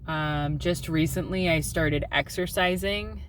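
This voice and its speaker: A woman in her thirties speaks in a candid home vlog, open and confessional, sprinkling in ums. Her voice sits on the lower side. A faint hiss of room noise runs under her. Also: measured pace. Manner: open and confessional, with filler ums and self-deprecating laughs. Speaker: mom vlogger.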